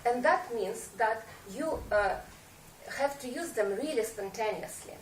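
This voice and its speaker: A fairly high-voiced woman gives a prepared speech to a speaking club. She pauses often on fillers and slips in dry, self-mocking jokes. She is picked up from a distance in an echoey meeting room with faint background ambience. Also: animated, slight background noise. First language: Russian. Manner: hesitant, many fillers, wry self-mocking humor.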